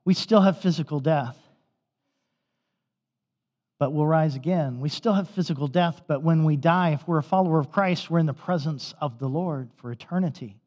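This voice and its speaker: A male pastor delivers a sermon in a conversational, storytelling manner, his voice sitting a little high for a man. The sound is somewhat dull and muffled, and it rings with the long reverb of a church sanctuary. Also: moderate pace, a little mellow.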